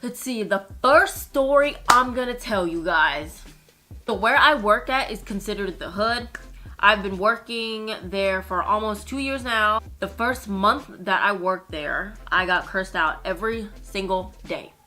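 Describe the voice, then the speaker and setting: A woman's voice: mid-range voice, a little slow, bright, forceful tone. A young woman from Minnesota telling casual story-time tales from her work as a nail technician, blunt and frank, with plenty of swearing. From United States (Minnesota).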